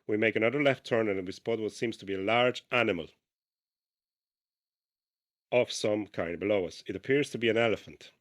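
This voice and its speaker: Low-voiced man reading a diary haltingly. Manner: reads haltingly with restarts, breaks off to comment. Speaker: podcast co-host. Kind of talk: casual podcast chat, reading a diary aloud.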